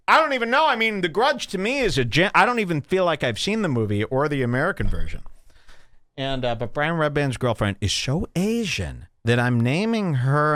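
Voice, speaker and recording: Lively sarcastic man ranting on a podcast. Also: a little high, clean tone, dry recording, studio quality. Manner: sarcastic, exaggerated mock voices. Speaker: podcast host. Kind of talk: ranting comedic podcast talk.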